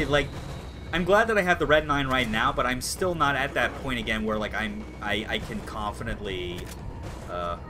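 A young man chatting excitably while live-streaming a video game. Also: medium pitch. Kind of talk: live gameplay commentary.

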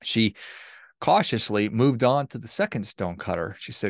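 A man's voice: on the low side, lively intonation, a little fast, dry recording, clean studio sound. A man hosting a podcast, giving a motivational monologue in a conversational, emphatic way that repeats points for stress. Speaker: podcast host.

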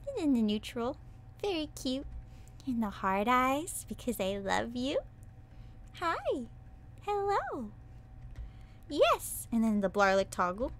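Bubbly high-voiced woman streamer. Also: animated, moderate pace. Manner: bubbly, playful, squeals and cutesy sound effects. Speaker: VTuber streamer. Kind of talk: casual livestream chat.

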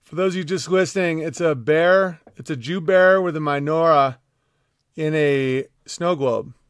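A man's voice: fairly high pitch, measured pace, clean tone, no echo, clean studio sound. A man chatting casually as a streamer, with offhand, amused commentary. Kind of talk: casual chat.

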